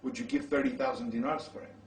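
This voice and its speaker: A man voicing a devoted older wife who is wise and pious, asking gentle questions as he retells a story in a sermon. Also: medium pitch, big pitch swings, fast. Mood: questioning. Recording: roomy, from far off mic.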